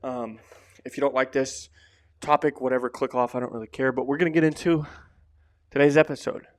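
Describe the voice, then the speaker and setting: A man's voice: medium pitch, fairly even intonation, fairly quick, no echo. A man hosting his own podcast, talking loosely and rambling with casual fillers, close up to the microphone. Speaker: podcast host. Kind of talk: casual solo podcast talk.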